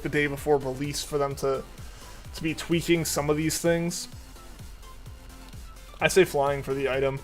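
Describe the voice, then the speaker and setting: Rambling young man chatting over game music. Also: fairly high pitch. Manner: rambling, with many fillers and restarts. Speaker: streamer. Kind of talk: casual chat while gaming.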